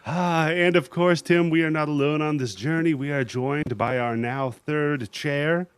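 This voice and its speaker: A man's voice: fairly high pitch, measured pace, clear, resonant tone. A man hosting a casual horror podcast, loose and jokey, swearing freely. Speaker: podcast host.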